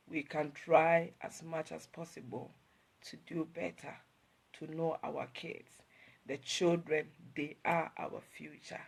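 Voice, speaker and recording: Speaking slowly in a deep voice, a woman talks to her online viewers in an emotional live session. She rambles and repeats herself, moving back and forth between English and Twi.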